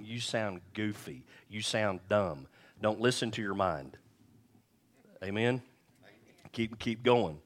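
A man's voice: fairly low pitch, fairly bright tone. A middle-aged man preaching a sermon in a church, casual and joking, asking the congregation questions as he goes. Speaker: pastor. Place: church sanctuary.

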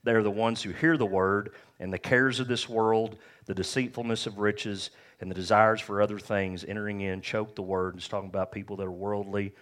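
A man's voice: fairly low pitch, steady tone, brisk, few pauses, a bit bright. A man who is a pastor, preaching an earnest, conversational sermon full of personal stories.

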